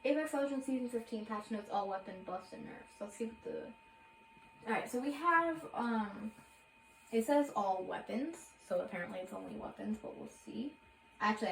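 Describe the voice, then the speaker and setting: A woman's voice: on the high side, gravelly, roomy sound, slight background noise, rough recording. A young woman casually reading through game patch notes aloud, rambling with lots of fillers and correcting herself. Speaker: gaming video creator.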